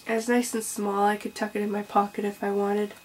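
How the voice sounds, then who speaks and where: With a medium-pitched, level voice and a brisk delivery, a young woman chats on her crochet vlog over slight background noise. She's somewhat under the weather, hiccuping and coughing while taking it slow, and her talk rambles, full of ums and false starts.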